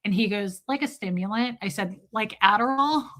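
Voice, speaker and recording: A woman's voice: mid-range voice, moderate pace, fairly bright tone. A woman streaming live, chatting casually with her viewers and telling a story in a self-mocking way, acting out the quoted dialogue.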